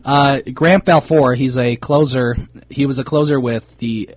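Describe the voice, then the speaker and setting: A man's voice: mid-range voice, measured pace, no echo. A man co-hosting a sports podcast, chatting casually with many fillers as he runs through player news. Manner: relaxed, many fillers, reads off player signings. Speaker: podcast co-host.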